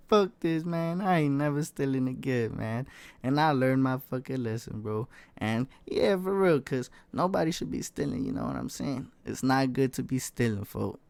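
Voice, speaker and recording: A young man vlogger telling a casual storytime, slangy and animated, tagging lines with "folk" and "you know what I'm saying". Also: medium pitch, no echo.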